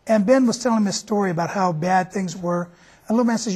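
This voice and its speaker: A man's voice: high voice, quick pace, darkish tone, husky. A man hosting a TV show, telling a story in a folksy, conversational way. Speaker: TV show host.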